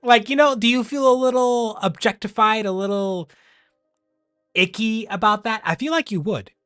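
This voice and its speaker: A man chatting casually on a livestream, rambling and animated, often laughing. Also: sits high, moderate pace, smooth, no room sound, studio quality, faint music behind. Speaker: streamer.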